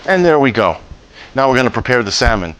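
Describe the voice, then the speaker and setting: A man hosting a home cooking demonstration, talking through each step in a relaxed, jokey way with the odd pun. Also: medium pitch, fast. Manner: relaxed, jokey, cracks puns. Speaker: cooking show host.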